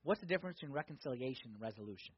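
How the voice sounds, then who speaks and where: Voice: medium pitch, expressive, very fast, breathy edge, dry recording. A pastor preaching a sermon with emphatic repetition and rhetorical questions, on a slightly dull, dry recording. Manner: emphatic, repeating key words, rhetorical questions.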